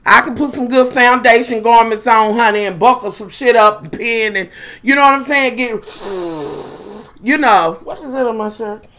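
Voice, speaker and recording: A woman's voice: on the high side, normal speed. A woman vlogger, talking casually and dramatically to viewers, full of cursing. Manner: profane, dramatic, animated storytelling.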